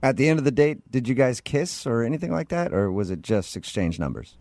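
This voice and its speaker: A man co-hosting a radio show, joking in a teasing, deadpan way. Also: mid-range voice, brisk, dry recording. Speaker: radio co-host.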